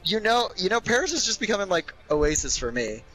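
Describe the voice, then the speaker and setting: A man playing a game with friends, excitable and given to yelling in bursts. His voice sits high and bright. His pitch jumps around constantly. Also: fairly quick, faint music behind. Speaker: gaming friend. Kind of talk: casual gaming chat.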